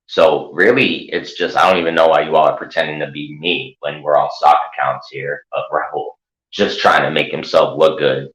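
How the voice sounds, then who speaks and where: A man's voice: rumbling low, little pitch movement, moderate pace, a bit bright, reverberant, low-quality recording. A man hosting his own channel, ranting in sarcastic, profane commentary. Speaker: channel host.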